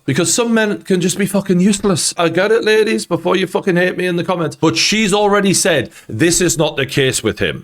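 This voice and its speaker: Blunt, sweary Geordie man. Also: fairly high pitch. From North East England. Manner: blunt, opinionated, swears freely. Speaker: host. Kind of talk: reaction commentary.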